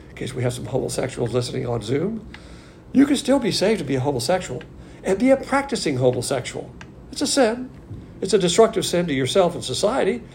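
A gravelly-voiced man preaches in a folksy, blunt manner, his pitch swinging up high on rhetorical questions. He teaches an informal Bible class, and faint background noise sits under his voice. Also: darkish tone. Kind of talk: informal sermon. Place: church class streamed on video call.

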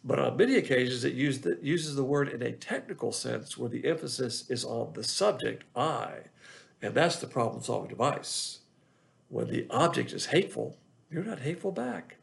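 A man with a heavily gravelly, fry-laden voice delivers a Bible lesson from the pulpit. He speaks in a measured teaching cadence at a middle pitch and circles back over his phrases to drive each point home. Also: animated. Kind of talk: sermon.

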